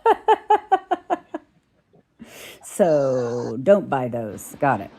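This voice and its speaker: A woman's voice: rumbling low, wildly swooping pitch, extremely slow, mellow. A woman hosting a casual livestream who laughs easily and reads out viewer chat. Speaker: livestream host.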